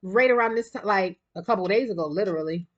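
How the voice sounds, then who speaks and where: A woman talks her viewers through a casual spiritual card reading in a loose, chatty way that often wanders off course. She sounds slightly out of breath, and her voice sits in a middle pitch. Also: muffled recording. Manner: chatty, rambling, quick bursts of laughter. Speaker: tarot card reader.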